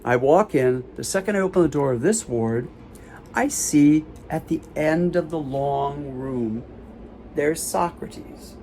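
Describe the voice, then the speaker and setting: A man performing a live comic storytelling show, recounting a hospital visit in halting, self-interrupting sentences. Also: on the high side, darkish tone, a little hiss or hum. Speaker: solo performer. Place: small theater stage.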